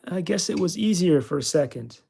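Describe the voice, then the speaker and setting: Gravelly-voiced man chatting through a flight sim. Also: high-pitched, expressive, brisk, mellow. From California. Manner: chatty, self-mocking, talks to himself while playing. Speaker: channel host. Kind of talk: casual gameplay commentary.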